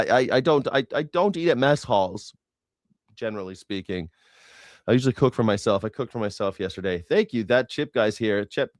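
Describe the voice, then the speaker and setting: A man's voice: medium pitch, no room sound. Male streamer host, forties, sarcastic rambler, dry close sound. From Los Angeles. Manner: rambling, sarcastic, jokey asides. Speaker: host of a news reaction stream. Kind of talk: casual livestream commentary.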